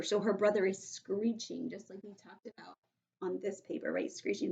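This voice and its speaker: A woman's voice: medium pitch, fairly even intonation, gravelly, a little mellow. Patient woman teacher reading to children. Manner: patient, explains slowly and checks in with "right?". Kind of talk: read-aloud vocabulary lesson for young children.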